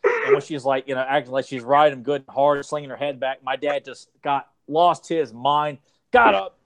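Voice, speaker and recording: A man's voice: medium pitch, moderate pace, no echo. A man in his thirties on a podcast, rambling through childhood stories with lots of restarts. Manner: rambling, animated storyteller with restarts. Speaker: podcast co-host. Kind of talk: casual chat, storytelling.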